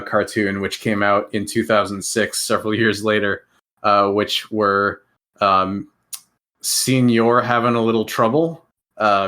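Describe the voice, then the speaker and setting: Bright-voiced, dry-humored podcast co-host man. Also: lowish voice. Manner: measured, hesitant, dry humor. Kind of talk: casual chat.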